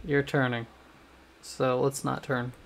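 A man streaming a video game playthrough, reacting excitedly with frequent exclamations. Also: medium pitch, slow, gravelly, background noise. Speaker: gaming streamer. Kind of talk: let's play commentary.

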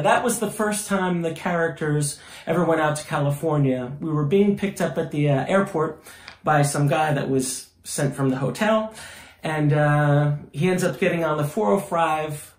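A band member recounting tour anecdotes in a chatty documentary interview. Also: male voice, fairly high pitch, normal speed, reverberant.

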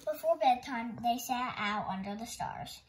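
A woman hosting storytime, reading a picture book aloud in a gentle, expressive way. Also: on the high side, unhurried, low-quality recording. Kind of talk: children's read-aloud narration.

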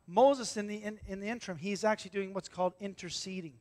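Pastor, male, high-pitched, animated sermon delivery with acted-out voices, loud-to-hushed swings. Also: brisk, few pauses. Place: church.

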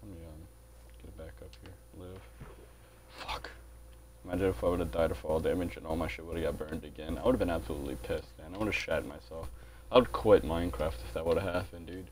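A man's voice: deep voice, steady tone, a little fast, a little hiss or hum. A man giving casual gameplay commentary as a channel host, grumbling, swearing a lot and saying dude.

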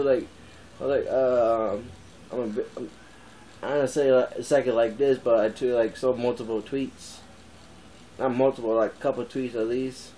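A man's voice: mid-range voice, mellow, poor audio. A man in his twenties, rambling casually in a vlog and laughing often. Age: 20s. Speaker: vlogger.

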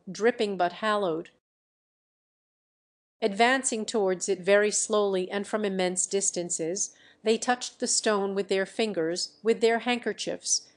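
A woman narrating a classic novel aloud in an even, scripted reading for language learners. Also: mid-range voice. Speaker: audiobook narrator.

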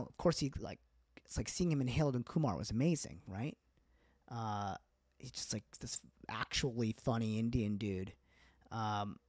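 A man's voice: mid-range voice, a little mellow, no echo, studio quality. A man doing a comedian's casual stand-up bits on a livestream, rambling and self-deprecating, laughing at his own jokes. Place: indoors, livestream.

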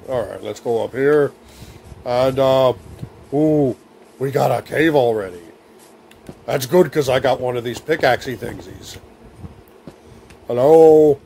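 A man's voice: a little high, vocal fry, a little mellow, slight background noise. A young man hosting a silly comedic game playthrough, babbling in baby talk and rhyming nonsense words as he plays. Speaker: gaming video host. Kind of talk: silly comedic let's-play commentary.

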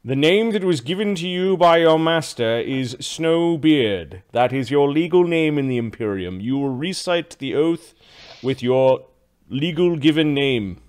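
A cold, officious imperial clerk, voiced by a man reads names from his ledger at a deliberate, unhurried pace. His pitch sits slightly high and moves in lively swings. He is stern and bureaucratic, unmoved by any appeal. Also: smooth.

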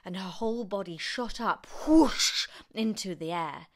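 A woman reading a children's book aloud as an expressive storyteller. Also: on the low side, moderate pace. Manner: expressive, animated narration.

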